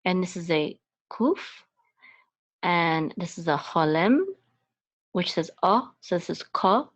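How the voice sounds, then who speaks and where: A woman's voice: fairly low pitch, animated, takes it slowly. A woman teaching a Hebrew lesson, patiently explaining each letter and sound step by step. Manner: patient, explaining letter by letter, chanting phrases in a sung voice. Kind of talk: slow step-by-step language lesson.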